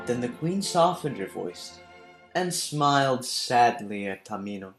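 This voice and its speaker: Slow, dramatic man reading a storybook aloud. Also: medium pitch, big pitch swings. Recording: roomy room, faint background music.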